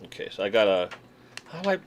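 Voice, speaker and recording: Fast and sing-song, the fairly low-pitched voice belongs to a man running a relaxed livestream. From his home desk he jokes with viewers and unboxes toys.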